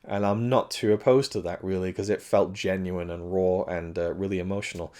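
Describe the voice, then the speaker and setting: A man's voice: low voice, steady tone, fairly quick, a little mellow. Man with a strained, cracking voice. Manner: rambling, with frequent restarts and self-corrections. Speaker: film reviewer. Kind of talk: casual spoken film review.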